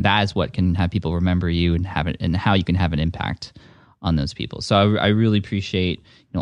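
Male podcast host, lowish voice, eager and chatty, dry booth sound. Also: no echo. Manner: enthusiastic, many restarts and fillers. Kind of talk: casual podcast talk.

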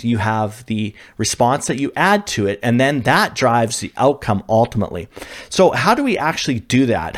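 A male leadership coach giving an instructional talk, conversational with frequent fillers and self-corrections. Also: medium pitch.

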